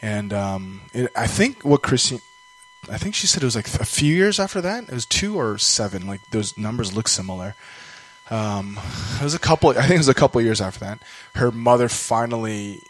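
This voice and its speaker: A man's voice: medium pitch, very animated, normal speed, low-quality recording. Rambling man telling a personal story. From Canada. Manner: rambling, self-deprecating, acts out quoted voices.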